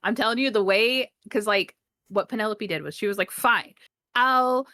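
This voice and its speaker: Excitable woman retelling a movie, dry sound. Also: brisk, no echo. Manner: excitable, acts out characters with big pitch jumps, swears freely. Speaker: podcast co-host. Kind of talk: casual movie review chat.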